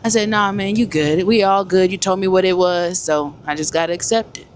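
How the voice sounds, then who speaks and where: A woman truck driver chatting casually to her viewers from the cab while driving, animated and talkative. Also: fairly low pitch, fairly quick. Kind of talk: casual vlog chat to viewers. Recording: loud road and engine noise. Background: truck road noise.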